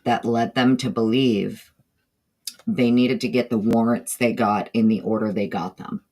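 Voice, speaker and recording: Her voice rumbles low and she takes her time. She's a livestream host from the northeastern United States with a Southern drawl, wandering loosely from thought to thought in a relaxed chat and welcoming chat members by name as they show up.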